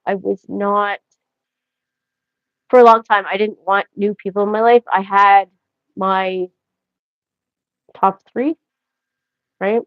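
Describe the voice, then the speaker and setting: A woman chats to her viewers in a loose, joking, rambling way. Her voice sits at a middle pitch. The audio is dry and slightly dull, like a lo-fi stream mic. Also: steady tone, slow pace, long pauses, no echo. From Canada. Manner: rambling, chatty and joking, talks straight to viewers. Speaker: livestream host. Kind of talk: casual livestream chat.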